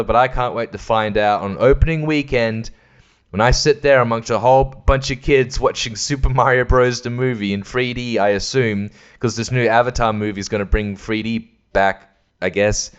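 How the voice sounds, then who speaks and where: A man hosts his own podcast in a loose, sweary, rambling chat. His voice is smooth and clear but sits in a middle pitch. The sound is a little dull and lo-fi. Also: brisk. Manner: sweary, rambling, laughs often, mimics voices. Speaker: podcast host. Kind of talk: casual solo chat.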